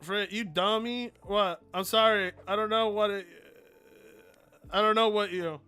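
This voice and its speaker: Bright, high-voiced male streamer. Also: steady tone, measured pace, clear, resonant tone, soft background music. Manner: rambling, swears freely, reads donations aloud. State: mellowed out. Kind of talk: casual livestream chat.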